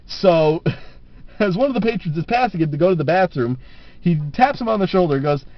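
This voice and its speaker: A man's voice: sits high, expressive, fairly quick. A man telling jokes casually to the camera, laughing at his own punchlines, on a dull lo-fi camera recording.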